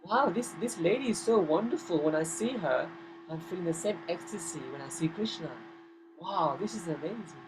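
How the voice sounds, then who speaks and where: A man's voice: high voice, animated, moderate pace, noisy background, pitched above the performer's own voice. A man doing an awed young divine woman.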